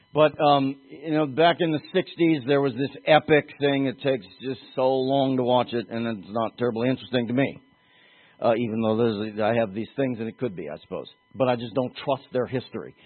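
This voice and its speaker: A man's voice: a little high, breathy edge. An older man giving a conversational, digressive Bible lecture, teaching verse by verse with emphatic asides. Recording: tinny phone-like sound.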